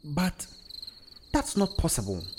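A man's voice: on the high side, huge pitch swings, slow pace, noisy background, voice pushed up, heavily acted. A man voicing a shaken, anxious middle-aged mother in a storybook reading.

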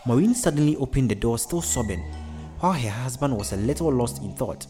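A man's voice: mid-range voice, expressive, brisk, warm tone, soft background music. Man reading a storybook aloud. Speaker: narrator. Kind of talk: storybook narration.

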